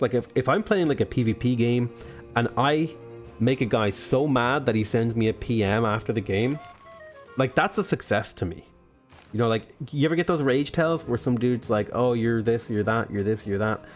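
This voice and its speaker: A gaming video host with a mid-range voice talks at a normal pace, animated and playful. He rambles through a casual let's play, cracking jokes and using plenty of fillers while faint game music plays underneath.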